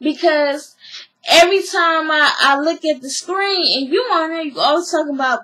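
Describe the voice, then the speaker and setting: A woman's voice: sits high, normal speed, sharp tone. A woman vlogger giving a blunt, slangy recap commentary.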